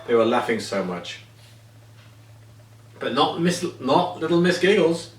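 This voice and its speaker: A man's voice: fairly high pitch, sing-song, unhurried, recorded from a distance. A man reading a children's picture book aloud, sometimes stumbling over words and correcting himself. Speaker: reader. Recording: echoey room, voice away from mic.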